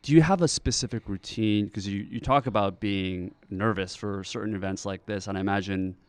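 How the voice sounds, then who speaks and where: A man's voice: fairly low pitch, a little fast, dry recording. A man hosting an interview podcast, asking eager, rambling questions. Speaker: podcast host.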